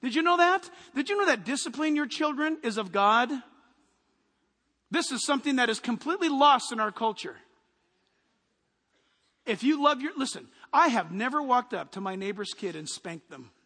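A man preaching a sermon as a pastor, forceful and punchy, with quick lists and asides. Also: extremely high pitch, animated, big-room sound.

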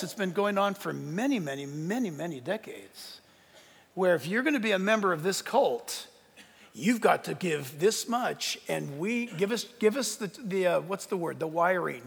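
An older man preaching a sermon as pastor, animated and emphatic, joking as he goes. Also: sits high, creaky, slightly rough, big-room sound.

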